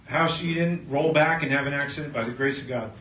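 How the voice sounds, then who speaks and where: A man's voice: a little high, brisk. Man telling a seminar story in an echoey room. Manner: storytelling, acting out both sides of a patient story, animated. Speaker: chiropractor giving a health seminar. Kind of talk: live seminar talk to an audience. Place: seminar room with a live audience. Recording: echoey room, mic at a distance, faint noise.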